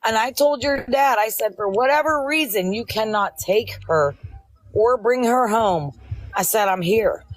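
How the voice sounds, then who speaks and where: A woman's voice: mid-range voice, dry recording, poor audio. A middle-aged woman on a livestream, angrily confronting someone in an insistent, repetitive, scolding way. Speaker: livestream guest confronting host.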